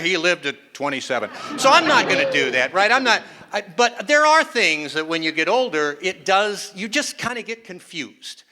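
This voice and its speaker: A man's voice: high-pitched, big pitch swings, moderate pace, hardly any pauses, pushed and bright, a little hiss or hum. An older man performing a self-mocking stand-up comedy set on stage, acting out the voices he quotes. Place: conference hall stage with a live audience.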